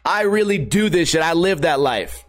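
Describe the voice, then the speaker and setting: Guy in his 30s ranting and cracking jokes to his webcam, swears a ton, kinda high voice. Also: animated, normal speed. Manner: profane, joking, rambling. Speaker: streamer. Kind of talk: casual rambling vlog. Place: hot house. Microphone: webcam setup at home.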